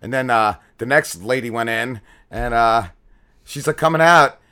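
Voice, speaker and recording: A man chatting casually on a podcast, his voice bright and forward. He tells a long, rambling story, full of swearing and fillers. His pitch sits in the middle of the range. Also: normal speed, clear, resonant tone. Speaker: podcast co-host. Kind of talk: casual chat.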